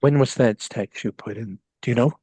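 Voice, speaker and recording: A man's voice: mid-range voice, normal speed, mellow, breathy edge, dry recording, lightly acted. A man voicing an odd, naive and devout woman in a tabletop game, talking earnestly and rambling with many ums. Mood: curious. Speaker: player.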